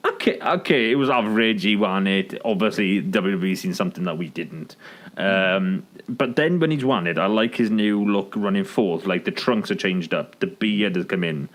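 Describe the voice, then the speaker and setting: A man co-hosting a podcast in casual chat, excitable and full of "like" fillers. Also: low voice, moderate pace. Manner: excitable, heavy use of "like" fillers. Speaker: podcast co-host.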